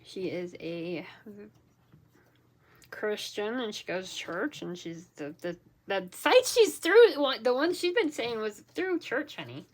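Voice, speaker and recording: A woman's voice: medium pitch, big pitch swings, measured pace. A woman chatting casually and rambling to herself while she makes an art journal page at home, her nose clogged, with a phone recording close by. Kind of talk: casual crafting chat.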